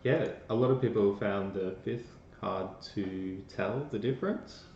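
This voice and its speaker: A low-voiced Australian man passes along viewer comments at a very slow pace. His delivery is relaxed. The audio sounds roomy and slightly muffled. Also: slight background noise. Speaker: co-host reading viewer comments. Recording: roomy dull live-stream audio.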